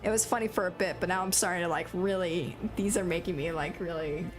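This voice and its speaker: A woman's voice: lowish voice, quick pace, music in the background. A young woman streamer commenting casually on a video game, exasperated, profane and laughing. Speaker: gaming streamer. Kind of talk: casual let's-play commentary.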